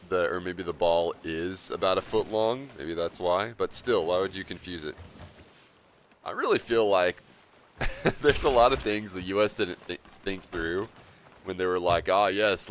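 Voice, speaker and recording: A man's voice: low voice, measured pace, a little hiss or hum. A man live-streaming a video game, chatting casually and rambling with viewers, laughing often. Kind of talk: live gameplay commentary and chat.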